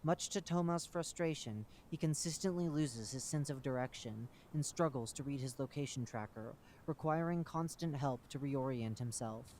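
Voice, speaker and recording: A male narrator reads a horror wiki entry aloud in a measured, matter-of-fact way, like a formal report. His voice sits at a middle pitch, with faint noise under it. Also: darkish tone.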